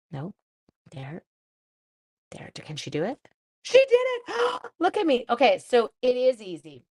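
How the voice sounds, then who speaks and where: Giggly, chatty woman live-streaming crafts. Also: fairly low pitch. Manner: chatty and giggly, laughing at herself. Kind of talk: casual live stamping demonstration. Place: at home.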